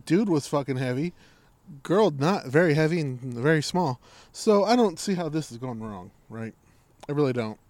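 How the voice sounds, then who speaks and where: A man with a somewhat high voice tells a story in casual conversation. He swears constantly and acts out the voices of the people in it. The sound is dry and close. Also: moderate pace, no room sound. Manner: profane, animated storytelling with acted-out quotes. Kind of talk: casual chat.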